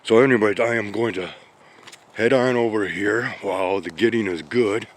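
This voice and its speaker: A man recording a casual outdoor vlog in his snowy backyard on a handheld camera, rambling slowly while out of breath and chatting to the cats he feeds. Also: fairly low pitch. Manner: slow, rambling, talks to the cats. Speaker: vlogger feeding outdoor cats and birds.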